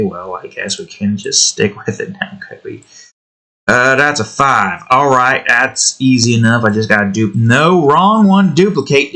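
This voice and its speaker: With a bright, forward, mid-range voice, an American hobbyist talks through his game-building process, wandering casually between jokes and swear words. He chats to the pieces on screen as if they could hear him.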